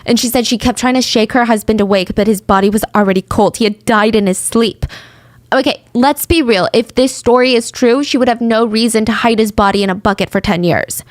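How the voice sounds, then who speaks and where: A woman's voice: fairly high pitch, fairly quick, dry recording, studio quality. Chatty woman telling a crime story. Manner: animated, chatty, with asides and acted quotes. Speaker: true crime podcast host. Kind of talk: casual storytelling.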